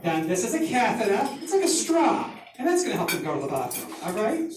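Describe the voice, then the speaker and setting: Guy doing his boston south shore mom, high and loud, slow patronizing teacher voice, echoey and distant. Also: very animated. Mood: lecturing. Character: brusque middle-aged Boston mother teaching hospital staff. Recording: echoey distant mic, background noise.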